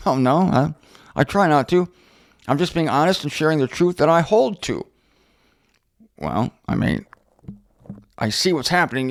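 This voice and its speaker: Middle-aged guy hosting a bible show, sarcastic and fired up, voice jumping up and down a lot. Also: medium pitch. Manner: sarcastic, animated, answers objectors directly. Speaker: Bible teacher and show host. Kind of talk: unscripted Bible teaching monologue.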